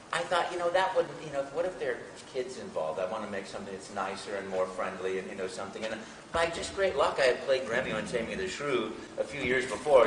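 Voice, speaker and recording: Animated man telling stories in a hall. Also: fairly low pitch, slight background noise. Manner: animated, self-interrupting anecdotes. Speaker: voice actor, panel guest. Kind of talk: storytelling on a live panel. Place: large hall with an audience. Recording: echoey hall from far off.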